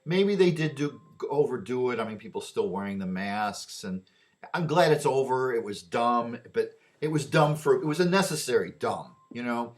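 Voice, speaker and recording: A man's voice: medium pitch, animated, normal speed. A man delivering a rambling opinion monologue, often repeating and restarting his words.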